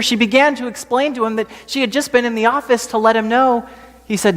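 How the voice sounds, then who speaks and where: A male pastor slowly telling a story during a sermon in a church sanctuary. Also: extremely high pitch, steady tone, long reverb tail. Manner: slow, gentle storytelling.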